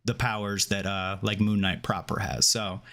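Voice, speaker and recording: A man's voice: on the low side, moderate pace, gravelly. A man co-hosting a casual chat show, retelling a story with lots of fillers. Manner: animated retelling with filler words. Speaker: podcast co-host.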